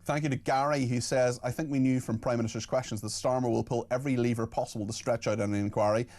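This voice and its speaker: A man hosting a radio phone-in, briskly reading out listener messages and talking with callers. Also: medium pitch, fairly even intonation, a little mellow. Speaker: radio host.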